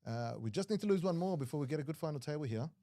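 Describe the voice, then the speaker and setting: Australian man, poker commentator, joking and self-deprecating, quick delivery, dry close sound. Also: a little high, animated, warm tone, no echo. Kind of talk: live poker commentary, casual banter.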